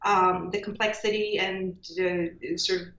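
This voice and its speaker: Brief: winery woman guest, steady and informative, roomy muffled line. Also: medium pitch. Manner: measured, informative, frequent fillers. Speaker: winery representative. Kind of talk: radio interview guest.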